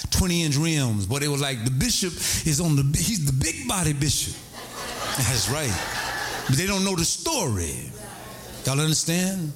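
Animated preacher man. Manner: animated, breaks into high excited cries and laughter. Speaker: pastor. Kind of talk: storytelling sermon.

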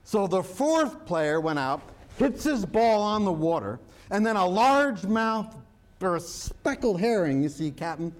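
A man's voice: sits high, sing-song, unhurried. A man preaching a sermon as pastor, mixing jokes and stories into his teaching and drawing out key words for emphasis. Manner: humorous, joke-telling preacher.

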